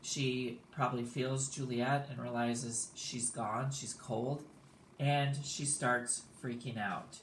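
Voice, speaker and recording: A man's voice: medium pitch, steady tone, slow, slight background noise. Laid-back male teacher recapping a play; echoey room. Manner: casual, explanatory, with fillers.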